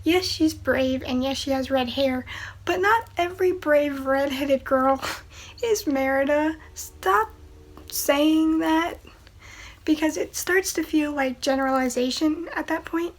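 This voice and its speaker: A woman with a high, bright-pitched voice talks through a movie in an unhurried, drawn-out way. She is chatty and opinionated, breaking into exasperated asides as she reviews it. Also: fairly even intonation. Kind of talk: casual film review.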